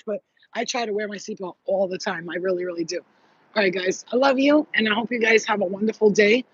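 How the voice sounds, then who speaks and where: A woman talking casually to her viewers as a spiritual healer vlogger, chatty and swearing freely, with warm sign-offs. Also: mid-range voice, brisk, slight background noise. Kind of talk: casual live vlog chat. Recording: muffled dry sound.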